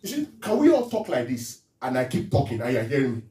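A man preaching an interactive sermon as pastor. He questions the congregation and reads scripture aloud slowly. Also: mid-range voice, wildly swooping pitch, warm tone. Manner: call-and-response questions to the congregation. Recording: echoey room, voice from a distance.

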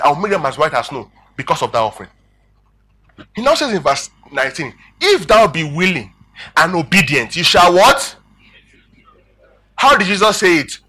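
High, husky-voiced male preacher. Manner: calls out questions to the congregation; emphatic, animated preaching with rising and falling volume. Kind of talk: sermon.

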